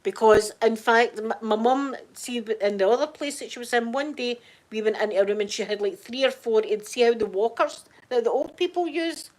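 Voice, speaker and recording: A middle-aged Scottish woman with a slightly high voice chats casually at a normal speed on a live stream. She's warm-hearted and chatty, greeting viewers by name as she reads them out from the chat.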